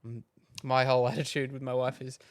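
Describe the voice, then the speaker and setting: A man in his thirties, co-hosting a podcast and telling a rambling anecdote about his kids in a relaxed way. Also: medium pitch, fairly quick, dry recording, studio quality. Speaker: podcast co-host. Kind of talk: casual chat.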